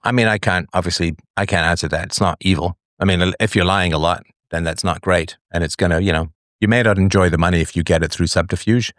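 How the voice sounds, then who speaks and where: Male call-in show host, very deep voice, dry close sound, chatty and musing. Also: fast, a bit bright, no echo. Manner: musing, chatty, many fillers and asides. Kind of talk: live call-in talk show.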